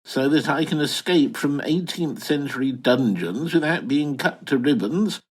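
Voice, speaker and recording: An actor playing a bumbling, posh English retiree, flustered and hesitant in a comic audio drama. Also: male voice, on the high side, animated, unhurried, slightly rough. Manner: flustered, posh, hesitant, wildly swooping delivery. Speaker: lead character and narrator.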